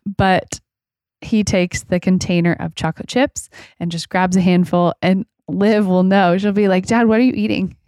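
A woman's voice: lowish voice, fairly even intonation, a little slow, a little mellow, no room sound, clean studio sound. A woman in her thirties hosting a casual chat, telling stories in a chatty, giggly way. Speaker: podcast host.

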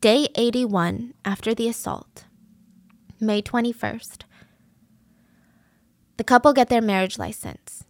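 A woman's voice: fairly high pitch, takes it slowly, pauses often, dry recording. A woman narrating a true crime case in a casual, conversational way, earnest and openly moved.

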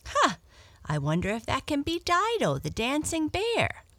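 A woman reading a storybook aloud and voicing a polite, homesick female black cat, raising her pitch. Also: very animated, slow pace, gravelly, dry recording, studio quality, heavily acted. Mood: surprised.

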